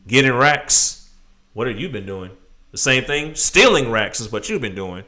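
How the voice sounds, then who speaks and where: Lively, bright-voiced man streaming live. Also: mid-range voice, normal speed. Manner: rambling and animated, talking to viewers. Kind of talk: casual live-stream commentary.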